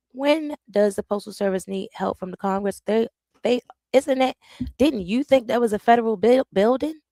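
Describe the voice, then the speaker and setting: A woman's voice: mid-range voice, dry recording. Chatty woman streamer, dry close sound. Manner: loose, repetitive, talks to the audience while juggling screens. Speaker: live commentary streamer. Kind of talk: live reaction commentary.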